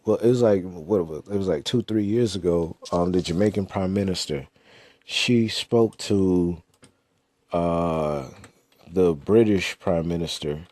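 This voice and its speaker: A man's voice: low-pitched, darkish tone. A young man in a casual monologue as a podcast host, blunt, slangy and profane. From United States.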